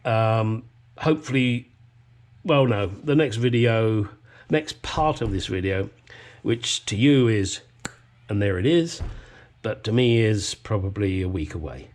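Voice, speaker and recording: A man's voice: lowish voice, lively intonation, a little slow, a little mellow. A man demonstrating a hands-on repair at his workbench, rambling with cheeky self-deprecating asides. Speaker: home mechanic presenter.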